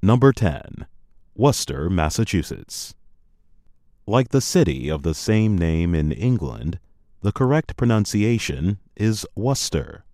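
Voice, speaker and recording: Deep, slow man reading a lesson. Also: sing-song, warm tone, no room sound, clean studio sound. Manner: slow, deliberate, teacherly reading. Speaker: co-presenter of a language program. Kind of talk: scripted educational narration.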